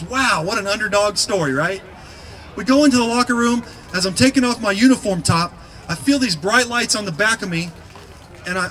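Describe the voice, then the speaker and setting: A man's voice: high-pitched, a bit bright, a little hiss or hum, rough recording. A man giving an earnest, preaching testimonial speech to a crowd at an outdoor community event, telling his story with conviction.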